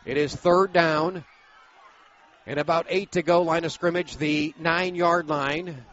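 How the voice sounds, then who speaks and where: A man calling high school football play-by-play, brisk and steady, bursting into shouts on big plays. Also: lo-fi sound, slight background noise. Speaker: play-by-play announcer.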